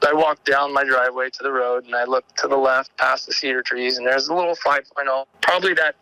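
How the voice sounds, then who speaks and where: A man's voice: mid-range voice, smooth, no echo, poor audio. A man calling in to tell a story in casual, rambling speech, restarting his sentences often and growing urgent as the events unfold. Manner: rambling, halting, with frequent restarts and fillers; grows excited and urgent as the story builds. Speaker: caller telling an encounter story.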